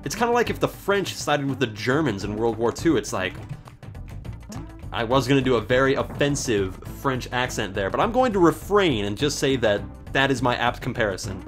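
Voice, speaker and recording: A man's voice: medium pitch, sing-song, moderate pace, soft background music. A man giving casual, sarcastic commentary while he plays a video game, joking and swearing at it. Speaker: let's play host.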